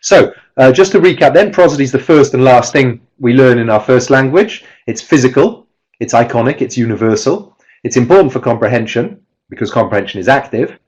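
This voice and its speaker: Teaching pronunciation is the subject as a man lectures in a webinar over a video call, brisk yet hesitant with many fillers and restarts. His voice is mid-range, darkish, and breathy, with lively intonation. The webinar audio comes through slightly dull.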